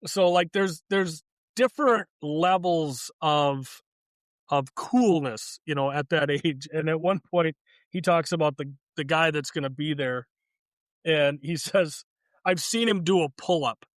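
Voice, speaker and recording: Brief: male podcast co-host, raised voice, animated scene retelling, dry studio sound, frequent laughter. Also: fairly high pitch, unhurried, no echo. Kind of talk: casual podcast chat.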